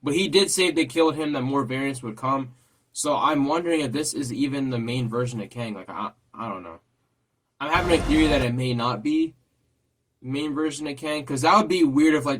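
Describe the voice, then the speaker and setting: A man's voice: medium pitch, fairly bright tone. A man hosting a casual trailer reaction, rambling and repeating himself as he thinks aloud. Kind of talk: casual chat.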